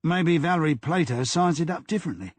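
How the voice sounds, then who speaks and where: A brusque, commanding detective boss with a South London accent, as a male audiobook reader puts him on. His husky voice swings widely, snapping orders with open irritation. The sound is close and dry. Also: on the high side, expressive, moderate pace, no room sound, voice pushed up. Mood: irritable, commanding. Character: gruff middle-aged male police detective boss.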